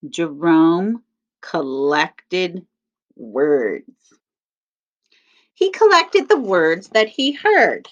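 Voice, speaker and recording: A woman teacher reading a picture book aloud to children, stressing each word slowly in a sing-song way. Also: mid-range voice, sing-song, fairly bright tone. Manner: slow, sing-song emphasis on words. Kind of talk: read-aloud lesson for children. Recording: dull lo-fi sound.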